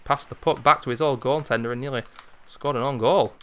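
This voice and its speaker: A man in his thirties giving casual play-by-play of a retro hockey video game, chatty and wandering, jumping into excited calls. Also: mid-range voice, brisk, slight background noise. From Britain. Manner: chatty, drifts into memories, rises into excited calls at goals. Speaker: gaming video host.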